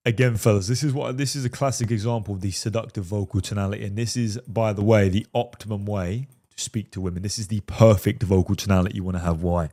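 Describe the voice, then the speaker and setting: A male dating coach commenting on a film clip in a low, mellow voice. He talks emphatically, hammering each point home and checking in with "right?" again and again. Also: steady tone, fast, hardly any pauses. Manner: emphatic, keeps asking "right?".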